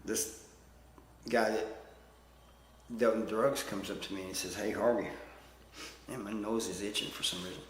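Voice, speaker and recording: A man's voice: lowish voice, steady tone, normal speed, pauses often, echoey room, big-room sound, slight background noise. A man telling stories in a casual, rambling way, plain-spoken and self-deprecating, with lots of "you know" fillers. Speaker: storyteller. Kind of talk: casual storytelling.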